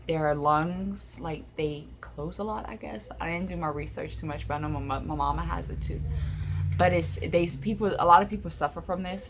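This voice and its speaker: A woman's voice: low voice, slight background noise. A young woman telling a paranormal story in a casual vlog, rambling with many fillers, recorded on her phone. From Louisiana, USA. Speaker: paranormal vlogger. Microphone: phone camera.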